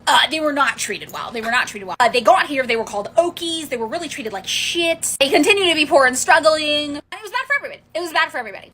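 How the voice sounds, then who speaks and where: Bright high Valley Girl woman ranting. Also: expressive, fast, few pauses, a little hiss or hum. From Central California. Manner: profane, sarcastic, self-mocking. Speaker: history commentator. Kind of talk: comedic explainer monologue.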